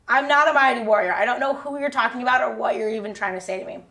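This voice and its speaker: A woman's voice: fairly high pitch, rapid-fire, gravelly, pushed and bright, far from the mic. A woman voicing a nervous, unsure young man in a Bible story for kids, talking in a casual, pleading way. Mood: anxious.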